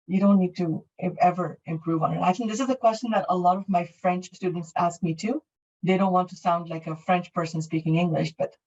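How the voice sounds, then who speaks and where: A woman's voice: lowish voice, far from the mic, highs cut off. A middle-aged woman from Canada teaching an English class online, explaining in a friendly way with many fillers and restarts. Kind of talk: online class, answering questions.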